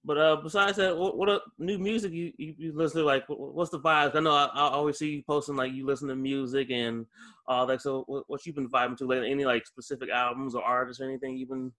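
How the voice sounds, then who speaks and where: A man's voice: mid-range voice, flat delivery, fast, bright, forceful tone. A man co-hosting a casual podcast chat, laid-back and stumbling over repeated words.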